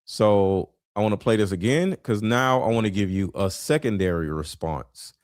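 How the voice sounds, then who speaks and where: A man giving blunt, preachy reaction commentary, swearing and sometimes shouting. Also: fairly low pitch, normal speed, no echo, studio quality. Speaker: commentary vlogger reacting to clips.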